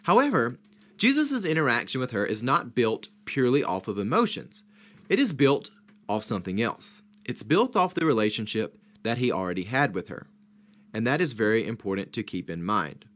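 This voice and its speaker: A man's voice: mid-range voice, sing-song, moderate pace, a bit bright. Man leading a Bible study, emphatic. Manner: structured, emphatic, points and questions. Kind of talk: teaching a Bible passage.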